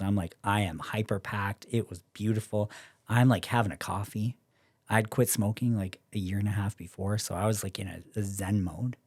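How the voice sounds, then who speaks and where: A man's voice: on the low side, darkish tone, slightly rough, no echo. A young Canadian man, a podcast guest, telling a story in casual chat, acting out quoted voices and swearing freely.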